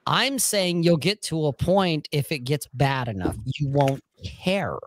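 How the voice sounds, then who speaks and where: A man's voice: on the high side, animated, measured pace, no echo. A man telling a personal story in casual podcast chat, blunt and profane, often checking in with "okay?".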